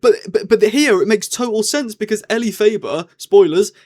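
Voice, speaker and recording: Brief: young man, reviewer type, slightly higher voice, rambling and chatty, casual review monologue. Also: moderate pace. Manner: chatty and rambling, with lively swings in tone.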